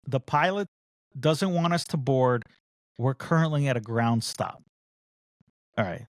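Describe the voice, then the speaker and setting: A medium-pitched man co-hosts a casual podcast, spinning a long story and animatedly acting out the other people in it. The recording is dry, with clean studio sound.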